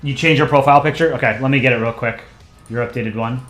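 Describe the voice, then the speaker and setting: A man hosting a casual drawing livestream, chatty and relaxed, thinking aloud as he works. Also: mid-range voice, fast talker, reverberant, faint music behind. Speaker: streamer and comic artist.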